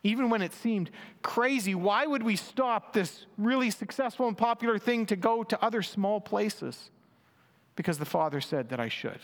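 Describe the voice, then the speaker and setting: A man with a high-sitting voice, lively intonation, and normal speed preaches a sermon, earnestly and emphatically reading and explaining scripture. He raises his voice for quoted lines, and the hall gives a long reverb.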